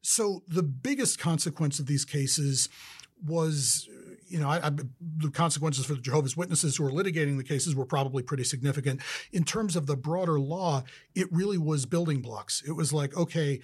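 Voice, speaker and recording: A man's voice: fairly high pitch, normal speed, husky. A man being interviewed, explaining ideas in a thoughtful, conversational way with frequent restarts. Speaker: interviewee, law speaker.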